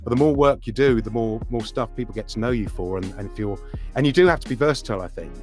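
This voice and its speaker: A man's voice: mid-range voice, quick pace, soft background music. A middle-aged man from England, a voice actor chatting in an interview, full of restarts and sliding into accents as he talks. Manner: animated storyteller, slips into accents and impressions, hesitant restarts. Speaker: voice actor guest. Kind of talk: casual interview chat.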